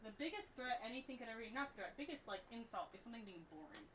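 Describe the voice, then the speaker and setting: A young woman co-hosting a casual livestream chat, talking loudly and rambling from behind the camera. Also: a little high, expressive, fast talker, distant mic, background noise. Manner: loud, chatty, rambling. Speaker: co-host. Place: home room, behind the camera. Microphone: mic set for the other speaker.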